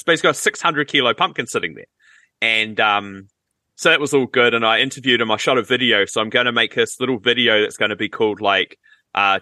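An easygoing man in casual podcast chat, recounting his week and slipping in quick jokes. His tone is bright and forceful, recorded dry and close with no room sound. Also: medium pitch, dry recording. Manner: easygoing, quick joking asides. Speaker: podcast co-host.

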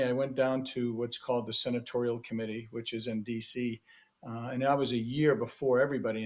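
Older man, mid-pitched voice, rambling storyteller, podcast guest. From Massachusetts, USA. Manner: rambling, anecdotal, frequent restarts. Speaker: podcast guest, former senator and ambassador. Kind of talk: casual storytelling interview.

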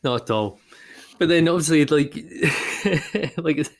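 A man with a Scottish accent co-hosting a casual football podcast, chatty and quick to laugh. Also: fairly high pitch, lively intonation. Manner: chatty, peppered with "you know", quick to laugh. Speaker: podcast co-host.

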